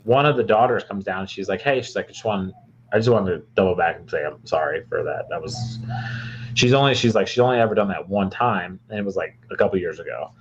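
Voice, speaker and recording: A man's voice: deep voice, quick pace, highs cut off, slight background noise. A young man from Michigan, a podcast co-host, telling a long rambling story with lots of fillers and restarts. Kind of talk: casual storytelling chat.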